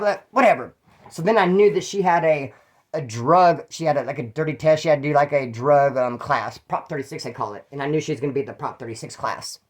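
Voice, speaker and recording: A man's voice: on the high side, a little fast. A middle-aged man, telling his own stories in a rambling, slangy way and acting out the people he quotes. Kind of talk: casual storytelling monologue.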